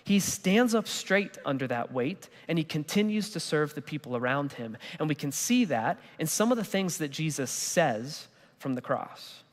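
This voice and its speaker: Guy pastor preaching, chatty and lively, big echoey church hall. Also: fairly high pitch, moderate pace. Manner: conversational, animated preaching with casual slang. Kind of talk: sermon. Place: church auditorium.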